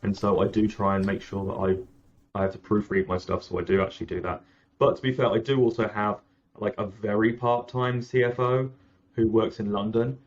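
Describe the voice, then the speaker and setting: A man's voice: fairly low pitch, steady tone, a little fast, lo-fi sound, a little hiss or hum. A man talking casually as a founder in an interview, rambling and correcting himself often. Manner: rambling, self-correcting, frequent "like" and "um". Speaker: app founder, guest.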